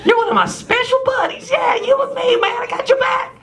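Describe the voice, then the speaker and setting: A man voicing God as a giddy, chummy buddy in a squealing falsetto. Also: a little fast, fairly bright tone, raised voice. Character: giddy high-voiced male God, buddy-like.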